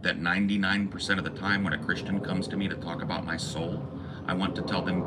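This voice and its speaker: A man's voice: low voice, brisk, heavy background noise. A man hosting a podcast, delivering an impassioned, preachy rant full of profanity. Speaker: podcast host. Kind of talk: impassioned monologue.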